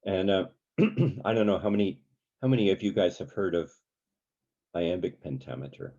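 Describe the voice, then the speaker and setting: Male workshop teacher, deep and mellow, chatty with filler words, sings his examples; dull lo-fi recording. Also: lively intonation, normal speed. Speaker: songwriting teacher. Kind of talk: informal workshop lesson. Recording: dull lo-fi sound.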